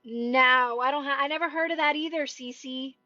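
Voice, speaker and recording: A woman with a bright, high voice chats with viewers in a loose, rambling way, dropping "like" and "right?" throughout. The audio is dry and a little dull, like a phone livestream. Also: normal speed, dry recording. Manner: chatty and rambling, full of "like" and "right?". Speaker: manifestation coach. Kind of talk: casual livestream chat with viewers.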